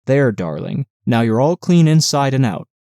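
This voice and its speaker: Guy reading as a young nurse in an audiobook, tender and teasing, warm low mellow voice, dry sound. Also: very animated, normal speed, no room sound.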